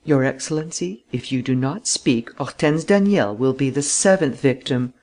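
A man reading the part of a stern, determined gentleman investigator who presses hard for the truth. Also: medium pitch, moderate pace, close to an everyday voice. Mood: insistent.

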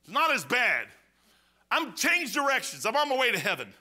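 A pastor giving a folksy, animated sermon, peppered with "man" and changes in loudness. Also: very high voice, moderate pace.

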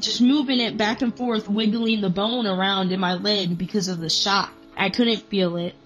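A woman's voice: mid-range voice, highs cut off. A young woman telling a personal story as an interview guest, casual with many fillers, quoting her own thoughts. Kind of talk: personal story told on camera. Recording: faint music bed underneath.

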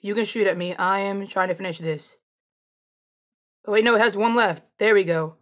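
Gameplay streamer, woman, chatty and excitable, taunts enemies while she plays. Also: medium pitch, normal speed. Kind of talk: casual gameplay commentary.

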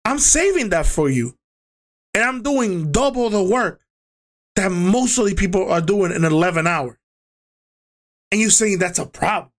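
A young man tells a story in a loose, slangy rant, his voice sitting higher than most men's. He gets exasperated and swears freely, and he slips into different voices whenever he quotes someone. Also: animated, unhurried, pauses often. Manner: flips into other people's voices when quoting them. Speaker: YouTuber.

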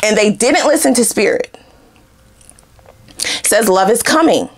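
A woman giving a casual tarot reading, animated and profane, often breaking into laughter. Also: a little high, measured pace, slightly rough. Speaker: tarot reader.

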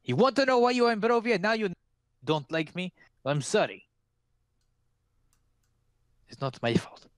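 Guy putting on a high cackly old seer lady, cryptic and slow, dry close sound. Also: big pitch swings, no room sound, low-quality recording. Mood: stern. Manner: slow, theatrical, ominous pronouncements.

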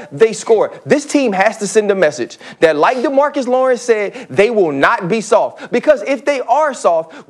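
A man talking as a studio sports analyst, emphatic and joking, with preachy bursts. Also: sits high. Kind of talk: animated studio sports talk.

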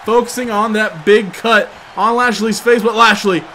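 Male play-by-play caller, high and forceful, builds to shouting hype. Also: normal speed, a little hiss or hum. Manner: builds from steady calls to loud, shouted excitement. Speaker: commentator for his own gameplay video. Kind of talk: sports-style play-by-play commentary.

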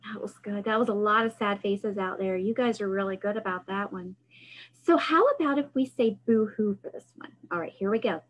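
A woman's voice: mid-range voice, fairly quick, dull audio. A woman hosting a library storytime, singing action songs and coaching young children through gestures. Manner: cheerful, sing-song, coaching kids through motions.

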